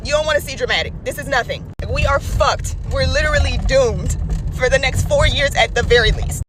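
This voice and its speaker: Woman vlogger, indignant profane rant, quick delivery, noisy recording. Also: sits high. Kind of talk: angry ranting monologue. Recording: noisy background.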